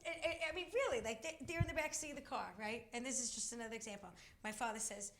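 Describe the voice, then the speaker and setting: A middle-aged woman co-hosting a casual talk show, telling a family story in an animated way. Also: on the high side, very fast, hardly any pauses. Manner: animated storytelling, acts out voices. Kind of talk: casual chat.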